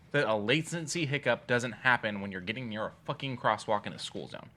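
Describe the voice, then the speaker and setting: A man's voice: mid-range voice, very animated, fairly quick, hardly any pauses, a bit bright. A man co-hosting a casual podcast chat, skeptical and blunt, arguing his points with swearing. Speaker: podcast co-host.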